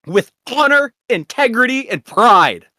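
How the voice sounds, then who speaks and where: A woman voicing a proud, hot-headed young male noble who shouts indignant, arrogant rants. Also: fairly high pitch, big pitch swings, a little slow, no room sound, heavily acted. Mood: indignant ranting.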